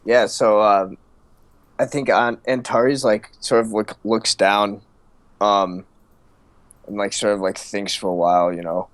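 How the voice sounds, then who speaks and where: A man narrating his part in a story game in a halting way, full of fillers. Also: fairly low pitch, steady tone, no room sound. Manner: hesitant, halting, filler-heavy.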